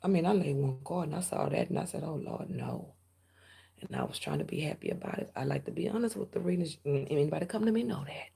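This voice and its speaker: A woman's voice: sits low, very animated, quick pace, hardly any pauses, dark tone. A woman tarot reader giving a blunt, preachy reading straight to her viewers, often dropping into half-whispers. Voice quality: very husky, gravelly. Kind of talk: direct-to-camera tarot reading.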